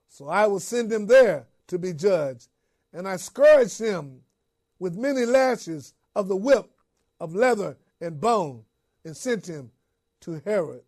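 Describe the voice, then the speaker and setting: A man preaching a dramatic first-person sermon story in a high-pitched voice. He takes his time, drawing out each phrase. Repeated refrains sink to a hush.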